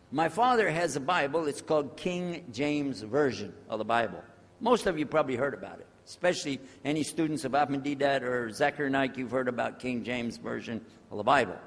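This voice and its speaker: An older American man telling his own story to an audience, acting out the dialogue with big swings in loudness. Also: a little high. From USA. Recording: long hall reverb.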